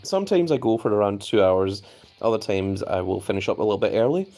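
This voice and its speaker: A man's voice: lowish voice, lively intonation, fast talker, dark tone. Guy streaming live, just chatting with his viewers, reads their messages out, easygoing. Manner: chatty, reads viewer chat aloud, loose restarts. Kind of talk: casual live-stream commentary.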